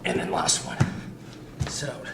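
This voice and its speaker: Man coaching drills in a roomy gym. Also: measured pace. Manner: energetic, counts reps while exercising. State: out of breath at times. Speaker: fitness coach. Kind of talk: demonstrating warm-up drills. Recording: roomy, distant mic with ambient noise.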